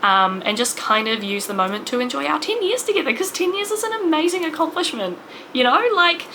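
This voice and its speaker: A woman's voice: high-pitched, sing-song, fairly quick, bright, forceful tone, slight background noise, poor audio. A woman in her late twenties talking to camera in a personal vlog, emotional and rambling, full of fillers and restarts. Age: 20s. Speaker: vlogger.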